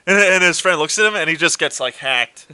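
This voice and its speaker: A man with a fairly high, bright voice retells horror movie plots in a casual chat. He acts out the characters' lines and swears freely. The sound is dry and close. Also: fairly quick, clean tone, dry recording. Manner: animated storytelling with swearing and acted quotes. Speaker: co-host.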